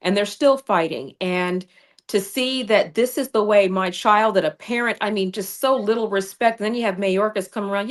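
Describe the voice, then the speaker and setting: A woman's voice: medium pitch, normal speed. A woman hosting a political talk show over a video call, telling a story with indignant passion. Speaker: political podcast host.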